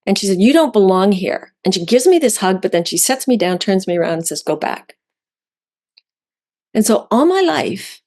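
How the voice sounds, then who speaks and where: A woman from Canada, an author telling a heartfelt personal story, slowing down on key words. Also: medium pitch, a little mellow. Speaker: author guest.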